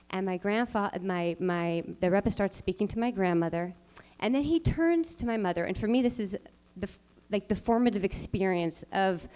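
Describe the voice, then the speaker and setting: A woman's voice: fairly low pitch, darkish tone. Woman telling a family story. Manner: storytelling with ums and restarts. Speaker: event speaker. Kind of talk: personal story at an evening event.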